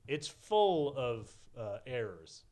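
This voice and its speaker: A man's voice: medium pitch, big pitch swings, slow, a little mellow. A man co-hosting a podcast in casual chat, laughing often and rambling as he corrects himself. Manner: giggly, rambling, self-correcting. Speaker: podcast co-host.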